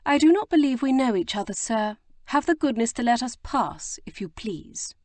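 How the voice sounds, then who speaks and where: A woman reading an audiobook, voicing a small, imperious young lady who speaks haughtily and deliberately. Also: on the high side, expressive, a little mellow, dry recording, pitched above the performer's own voice, close to an everyday voice. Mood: haughty.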